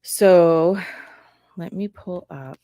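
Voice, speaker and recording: A woman's voice: on the low side, extremely slow, warm tone, dry recording, clean studio sound. A woman hosting an astrology podcast, talking casually in a rambling, chatty way that keeps interrupting itself. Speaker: podcast host and astrology reader. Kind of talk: casual chat. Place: home recording on camera.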